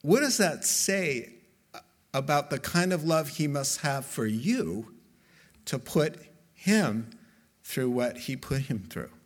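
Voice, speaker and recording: Man, pastor, sermon, slow deliberate delivery, fairly high voice, dramatic pauses.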